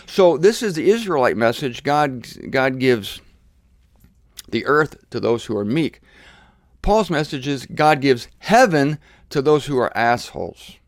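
A man's voice: mid-range voice, big pitch swings, measured pace, no room sound, studio quality. Emphatic man preaching with blunt repetition. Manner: forceful, repeats phrases for emphasis, blunt and provocative. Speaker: host of a daily Bible teaching show. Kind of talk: emphatic Bible teaching monologue.

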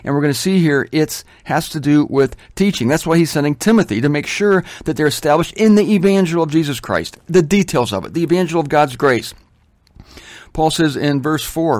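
Middle-aged male Bible teacher, slightly high voice, emphatic, chatty asides, dry close recording. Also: animated, no echo. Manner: emphatic, slows down to stress points, conversational asides. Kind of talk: informal sermon teaching.

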